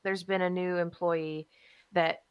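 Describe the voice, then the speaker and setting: A woman's voice: fairly low pitch, level tone, a little slow, clean tone, muffled recording. Woman co-host spinning a profane, exasperated story in casual chat. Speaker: podcast co-host.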